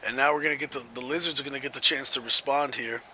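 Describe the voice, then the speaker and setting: A man's voice: mid-range voice, steady tone, quick pace, sharp tone, a little hiss or hum, poor audio. A man commentating a video game match in a chatty way, laughing easily.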